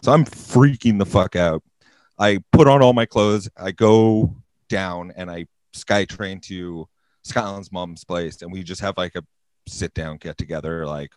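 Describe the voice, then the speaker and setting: A young man with a very deep voice tells a personal story, earnest and heavy on profanity. The sound is dry and close, with no room around it. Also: unhurried, dry recording, low-quality recording. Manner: profane, deadpan-serious storytelling. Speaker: podcast guest. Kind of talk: casual storytelling.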